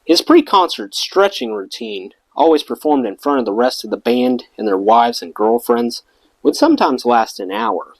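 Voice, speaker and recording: A man's voice: mid-range voice, very animated, moderate pace, no room sound, poor audio. A man reading a rock memoir aloud as an audiobook, giving the quoted lines their own voices. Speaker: audiobook reader.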